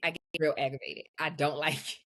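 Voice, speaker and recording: A woman co-hosting a podcast in casual chat, blunt and profane, often jumping into high, excited bursts. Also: fairly quick, slight background noise. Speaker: podcast co-host.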